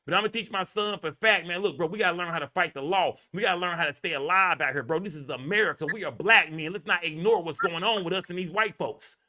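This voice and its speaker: A man's voice: high-pitched, fast, hardly any pauses, bright, forceful tone. Brash, emphatic man ranting on a livestream. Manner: profane, emphatic, repetitive. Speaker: livestream host. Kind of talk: heated livestream commentary.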